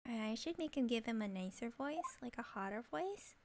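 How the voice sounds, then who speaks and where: A woman's voice: fairly high pitch, animated, normal speed. A woman streaming a game live, chatting playfully and giggling with viewers while reading the game's lines. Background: game music.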